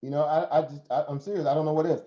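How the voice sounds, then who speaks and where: Speaking at a racing pace with fairly even intonation, a man with a slightly high voice and a Southern American accent hosts a casual live stream. He talks preachily, poses rhetorical questions, and laughs a lot. The lo-fi stream audio sounds roomy and dull.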